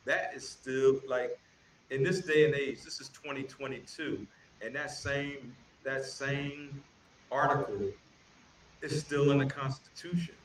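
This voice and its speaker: A man's voice: mid-range voice, fairly even intonation, unhurried, slight background noise, low-quality recording. A man in a casual debate who presses his point insistently and often repeats words.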